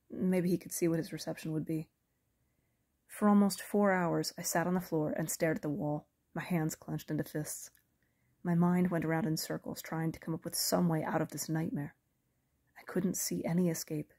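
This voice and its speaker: Woman narrator, low husky voice, measured audiobook reading. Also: warm tone. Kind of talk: first-person audiobook narration.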